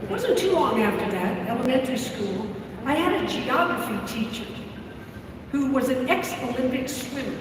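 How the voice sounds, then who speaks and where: On stage in a large convention hall, a keynote speaker in her seventies from Florida, USA, delivers a dramatic storytelling speech, theatrical and vivid, acting out voices. Her high voice moves at normal speed with lively intonation. The distant mic picks up an echoey hall and room noise.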